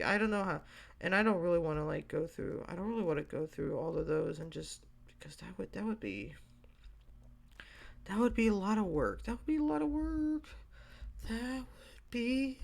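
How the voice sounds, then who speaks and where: A man's voice: high voice, vocal fry. A tired young man hosting a solo podcast, rambling and hesitant with lots of fillers and restarts, yawning now and then. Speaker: podcast host.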